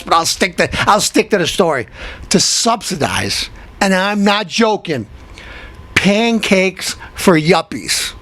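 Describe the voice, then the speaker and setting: A man hosting a show, delivering a comic rant that keeps repeating itself and jumps into high, excited outbursts. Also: gravelly, slightly rough. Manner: ranting, repetitive, swings into high excited outbursts. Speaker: show host.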